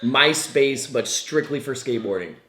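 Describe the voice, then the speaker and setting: A man's voice: mid-range voice, lively intonation, moderate pace, a crowd in the background. A young man from the Sacramento area, a podcast guest talking in a laid-back, hesitant way that often trails off. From Sacramento area, California. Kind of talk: casual chat. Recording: echoey room.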